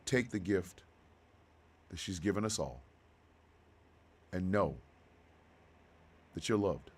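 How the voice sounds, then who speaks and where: A man in his fifties hosting a radio show, talking slowly and with deep feeling about personal loss. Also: husky. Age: 50s. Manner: heartfelt, slow and halting, then bursts of loud excitement. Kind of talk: emotional monologue.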